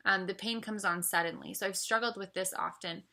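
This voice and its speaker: A woman's voice: mid-range voice, fairly even intonation, a little fast, bright, forceful tone. A young woman coaching her audience in an earnest motivational talk, asking question after question with frequent fillers. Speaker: business coach.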